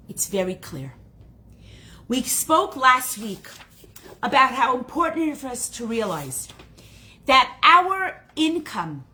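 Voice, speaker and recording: Woman teacher, storytelling lesson; slow, dramatic, bright-toned, rather high. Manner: dramatic, expressive.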